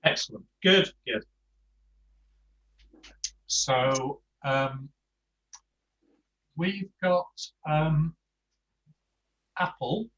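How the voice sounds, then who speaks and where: A man's voice: a little high, very slow, pauses often, fairly bright tone. An older man leading a language class over a video call, hesitant and full of ums. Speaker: course tutor. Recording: dull video-call audio.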